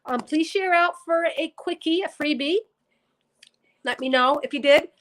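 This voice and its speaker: A woman with a slightly high voice hosts a spiritual livestream, talking earnestly to her viewers. She rambles, corrects herself mid-sentence and sounds moved to the edge of tears. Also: moderate pace, a bit bright, low-quality recording. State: teary, emotional. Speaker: psychic reader on a livestream. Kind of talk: casual spiritual livestream talk.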